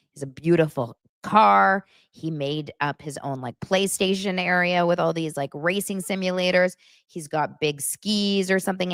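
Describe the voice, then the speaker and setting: A woman's voice: fairly low pitch, no room sound, studio quality. A woman hosting a casual gossip podcast, talking bluntly and sarcastically. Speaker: podcast host.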